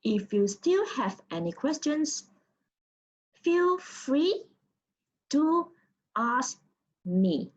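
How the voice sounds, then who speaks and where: A woman's voice: high-pitched, big pitch swings, drawn-out words, pauses often. A woman from Malaysia teaching Mandarin pronunciation in a recorded lesson, explaining patiently and sounding out example syllables. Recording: dull lo-fi audio.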